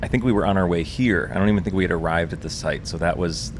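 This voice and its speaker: Low-voiced man hosting aboard a ship. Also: fast. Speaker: podcast host. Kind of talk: podcast hosting. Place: lounge of a research ship at sea. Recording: hum of ship engines behind. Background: ship engine hum, faint music.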